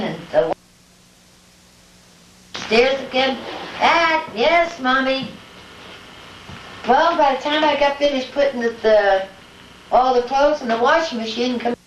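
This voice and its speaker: An older woman being interviewed at home, telling lively family anecdotes and acting out the voices of her family. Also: fairly high pitch. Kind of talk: casual storytelling at home. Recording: echoey room, distant mic, dull home-video sound with faint hiss.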